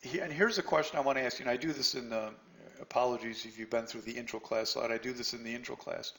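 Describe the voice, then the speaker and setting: A middle-aged trading instructor lectures a seminar bluntly and scoldingly, firing rhetorical questions at his students. His mid-range voice is bright and forceful with a steady tone and quick pace, and the recording is rough.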